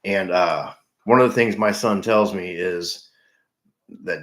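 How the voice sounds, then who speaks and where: A middle-aged man chatting with livestream viewers, earnest and halting, often repeating himself. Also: low voice, fairly bright tone. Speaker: livestream host in recovery. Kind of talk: casual livestream chat with viewers. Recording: echoey room.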